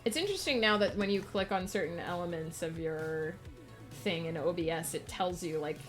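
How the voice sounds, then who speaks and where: A woman's voice: lowish voice, moderate pace, faint music behind. A woman streamer chatting casually while she writes, rambling and laughing often.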